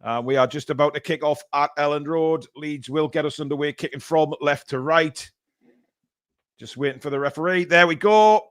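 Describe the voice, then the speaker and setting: A middle-aged man hosts a live football stream, speaking casually to his audience. His voice sits a little high, and he jokes his way through the build-up. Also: moderate pace, dry recording, studio quality. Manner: chatty, joking, addresses viewers directly. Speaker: co-host of a live match watchalong.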